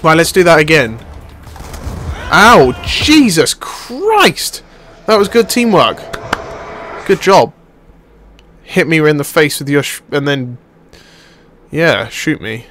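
A young man giving live commentary while playing a shooter, excitable and jokey, swearing and yelping when he gets hit. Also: on the high side, takes it slowly, long pauses, slight background noise. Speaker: gaming channel host.

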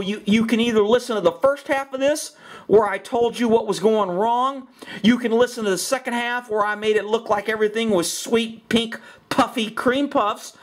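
High-voiced blunt man commenting on a video. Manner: blunt, sarcastic, repeats himself. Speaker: horse trainer commenting on a video.

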